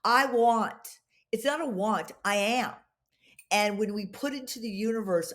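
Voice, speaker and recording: A woman, a podcast guest, telling long, animated stories in a casual interview and acting out what people said. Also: medium pitch, moderate pace. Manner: animated, long-winded storyteller acting out quotes.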